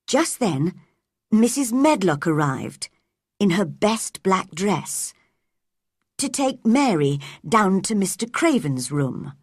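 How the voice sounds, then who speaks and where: Woman narrator for a learners' audiobook, lively pitch, breathy, dry close sound. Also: no echo. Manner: clear, measured, expressive character voices. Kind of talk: graded-reader audiobook narration for English learners.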